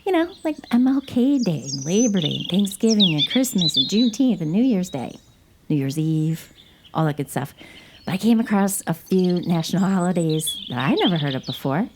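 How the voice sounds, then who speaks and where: A woman's voice: on the low side, very animated, normal speed, noisy background. A woman hosting a podcast in casual chat, chatty and playful, laughing often. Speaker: podcast host.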